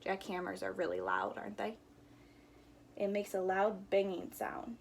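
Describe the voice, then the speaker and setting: A woman's voice: medium pitch, moderate pace, faint music behind. Woman reading a storybook to kids. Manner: lively, voices sound words playfully for children. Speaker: teacher reading aloud to children. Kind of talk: storybook read-aloud with sound effects.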